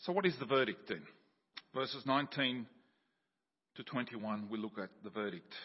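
A male preacher giving a sermon, telling a story and explaining scripture, dropping quieter and slower on key words. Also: mid-range voice, breathy edge. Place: church. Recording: dull sound with long church reverb.

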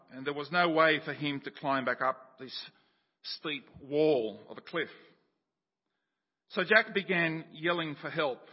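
A male preacher giving a sermon, telling a story and explaining scripture, dropping quieter and slower on key words. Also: a little high. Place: church. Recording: dull sound with long church reverb.

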